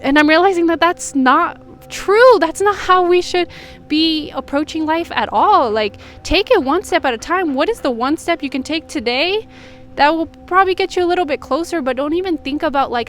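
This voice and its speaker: A woman's voice: sits high, a bit bright. A woman who does intuitive readings and healings, talking candidly and emotionally in a personal vlog. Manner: earnest, confessional, emotional. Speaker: intuitive healer and reader. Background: faint music from a neighbor.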